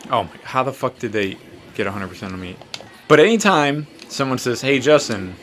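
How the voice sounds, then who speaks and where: A man's voice: medium pitch, big pitch swings, brisk, fairly bright tone, a little hiss or hum. A man in his twenties telling a rambling, profane, self-mocking story in a casual chat while gaming. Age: 20s. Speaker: podcast host.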